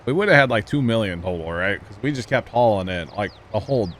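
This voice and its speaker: A laid-back man chats through a live gameplay stream, talking easily to his viewers and fellow players. His voice sits fairly low. A faint hiss runs underneath. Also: lively intonation, fast, a bit bright. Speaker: livestreamer.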